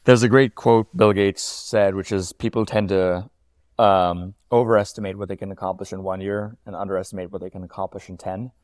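A man in his thirties, a company founder talking as an interview guest, quick and fluent with frequent ums and uhs. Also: sits low, steady tone, darkish tone, dry recording, clean studio sound. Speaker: startup founder and CEO, guest. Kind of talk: casual interview talk.

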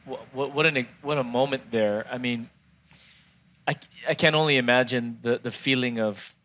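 A man's voice: medium pitch, moderate pace, a bit bright. Man, pastor, church interview, affirming, sums up guest's words.

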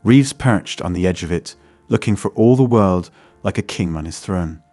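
A man narrating a first-person story in a steady, scripted way. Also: deep voice, moderate pace, no echo, faint music behind.

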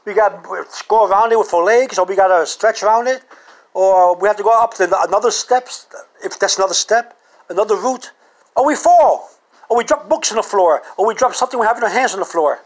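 A man vlogging a comic monologue to camera, animated and full of rhetorical questions. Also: sits high, fairly quick.

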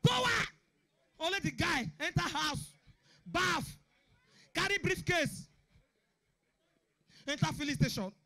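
Doing a stand-up routine in a Nigerian Pidgin English accent, this young man shouts punchlines and plays out characters. His pitch is extremely high and his delivery animated, yet he speaks slowly and pauses often.

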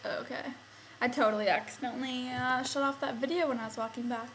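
A woman's voice: sits high, steady tone, a little fast, a bit bright, a little hiss or hum, rough recording. Rambling young woman vlogging at home. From Canada. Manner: rambling, filler-heavy, lots of "like" and "um". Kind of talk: casual chat to camera. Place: home, indoors, by a Christmas tree.

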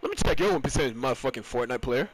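A young man giving raging, profane gameplay commentary, yelling in frustration and then dropping to low muttering. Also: expressive, rapid-fire, breathy edge. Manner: swings between loud outbursts and low muttering. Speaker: gamer.

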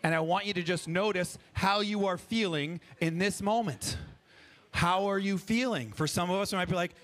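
A man leading a live audience through an improv warm-up on a festival stage, playful and energetic, coaching them through each step. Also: sits high, moderate pace. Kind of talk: stage workshop talk with freestyle rap.

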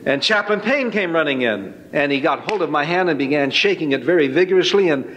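A man's voice: fairly high pitch, lively intonation, fairly quick, fairly bright tone, slight background noise. Man telling a folksy testimony in a hall. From Northern California. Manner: folksy, dramatic storytelling. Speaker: testimony speaker. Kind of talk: spoken personal testimony. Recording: long hall reverb.

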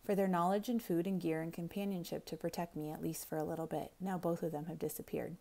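Lady teacher reading a novel out loud, kinda gravelly, intense and quiet. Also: on the low side, fairly even intonation, fast.

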